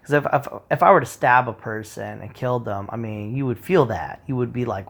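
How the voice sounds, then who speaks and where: A man's voice: mid-range voice, moderate pace, creaky. A man talking in a loose, rambling monologue, swearing freely and acting out quoted remarks.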